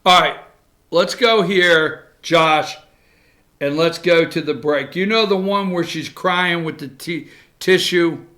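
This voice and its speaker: A man's voice: on the high side, slow pace, pushed and bright. A male talk show host giving emphatic, opinionated commentary and cueing his producer between clips. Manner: ranting, emphatic, cues the producer.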